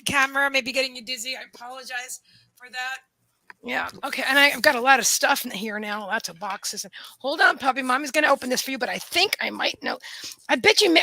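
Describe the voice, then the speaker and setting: A woman hosting a casual livestream from a room in her home, gushing and excitable as she talks to her dogs. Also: high-pitched, vocal fry. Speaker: host of a live psychic reading stream. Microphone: camera setup lit by a ring light.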